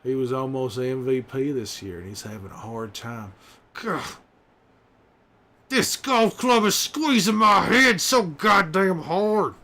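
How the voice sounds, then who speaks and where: A man playing a gruff middle-aged male survivor, bantering and swearing in an in-character livestream. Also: on the high side, slow, bright, forceful tone, full character voice. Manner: gruff, swearing, teasing chat. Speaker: streamer in character.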